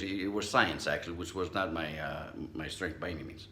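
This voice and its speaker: A man's voice: sits low, fairly quick, hardly any pauses, bright, forceful tone, roomy sound. A middle-aged man, a psychologist, giving a motivational talk and telling a personal story, acting out the voices he quotes. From Southern California. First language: not English.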